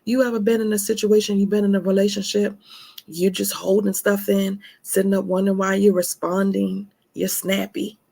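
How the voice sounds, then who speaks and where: A woman's voice: mid-range voice, level tone, normal speed, gravelly, mellow, husky. A woman giving an emphatic self-care talk, calling her listeners honey. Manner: emphatic, laughing asides, calls listeners honey. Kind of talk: motivational talk.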